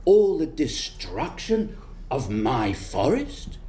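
A woman voicing a sorrowful male forest spirit, the green man, who speaks gravely and pleadingly. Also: a bass voice, big pitch swings, takes it slowly, dark tone, pitched below the performer's own voice, exaggerated voice. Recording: roomy echo with music behind.

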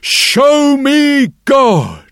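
Wild young guy yelling real slow and high, a man doing the voice, drawn out. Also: huge pitch swings, dry recording, studio quality, full character voice. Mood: demanding. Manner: loud, very slow, drawn-out demands. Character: wild-eyed young man demanding loudly.

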